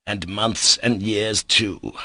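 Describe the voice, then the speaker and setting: Man reading an old doctor, calm, matter of fact, low dry voice. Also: slow, no echo, heavily acted.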